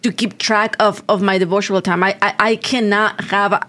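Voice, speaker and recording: A woman's voice: medium pitch, fairly even intonation, fairly quick, pushed and bright. A woman who is a pastor, talking earnestly in a casual podcast conversation and often repeating words as she restarts.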